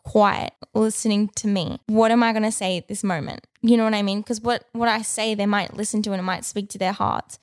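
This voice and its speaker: A woman's voice: medium pitch, a little mellow, no echo, clean studio sound. A woman co-hosting a casual faith podcast, talking earnestly and rambling with fillers and restarts. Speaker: podcast co-host.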